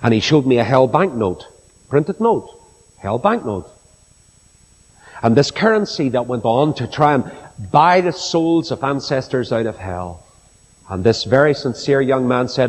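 A middle-aged man preaches with unhurried, deliberate phrasing, letting each line land. His voice sits at an ordinary male pitch and grows solemn and weighty on the key points. The sound rings out with the long reverb of a large hall. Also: lively intonation. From Ireland. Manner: slow, earnest storytelling building to solemn emphasis. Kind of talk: sermon.

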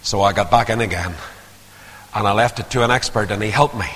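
Preacher in an echoing hall. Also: male voice, on the low side, fairly quick. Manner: dramatic swings from hushed to loud. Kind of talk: sermon. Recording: long hall reverb.

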